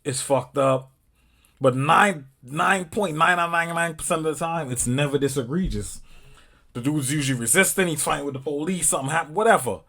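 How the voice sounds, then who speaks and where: Angry husky man ranting. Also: a little high, normal speed, a bit bright. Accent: African American English. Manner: angry, swearing, emphatic, rising to outbursts. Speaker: commentator reacting to a video. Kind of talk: heated casual reaction commentary.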